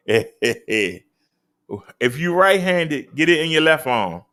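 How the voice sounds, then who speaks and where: A man hosting a casual show. His fairly high voice leaps up sharply on key words, and he has an emphatic, lively delivery. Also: normal speed. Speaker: host. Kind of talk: casual talk show reading daily stats.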